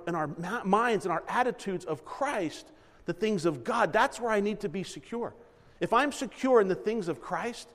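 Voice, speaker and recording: A man's voice: high voice, big-room sound. A man preaching a sermon in a conversational style, acting out little asides and correcting himself mid-sentence. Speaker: pastor.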